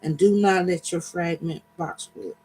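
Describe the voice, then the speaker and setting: An imploring goddess begs in an earnest, raised voice, read by a man. The pitch sits high. It is a plain reading with no character voice. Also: a little slow, a little mellow, slightly rough, low-quality recording. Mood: pleading. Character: goddess pleading with her father.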